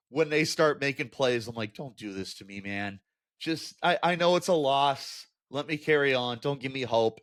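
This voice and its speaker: A man's voice: mid-range voice, fairly bright tone. A man hosting a sports commentary show, talking candidly and animatedly through a team's loss, with exasperated asides. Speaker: sports podcast host.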